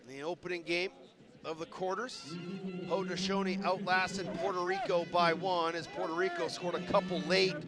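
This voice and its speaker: A man calling a lacrosse game live, rattling off names quickly and shouting on goals and saves. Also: high voice. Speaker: play-by-play commentator. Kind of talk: live sports commentary. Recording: loud stadium crowd behind.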